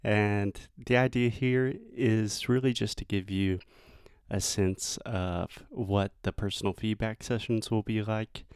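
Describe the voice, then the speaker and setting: A man's voice: on the low side, fairly even intonation, darkish tone, smooth, no echo, studio quality. Southern US man teaching pronunciation. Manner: explanatory, models pronunciation slowly. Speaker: English teacher. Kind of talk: pronunciation feedback lesson.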